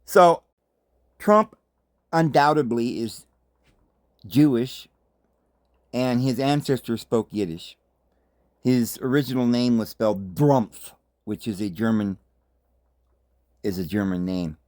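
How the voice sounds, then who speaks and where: A man's voice: mid-range voice, slow pace, long pauses, darkish tone, no room sound. A man from the United States hosting a commentary monologue, speaking emphatically with rhetorical questions and asides. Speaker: host.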